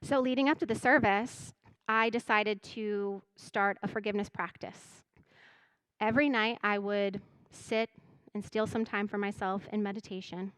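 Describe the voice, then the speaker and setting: A woman giving a spiritual message to a congregation, speaking gently and reflectively, often voicing her own inner thoughts. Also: medium pitch, steady tone, moderate pace, clear, resonant tone, no room sound. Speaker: church music director giving a message.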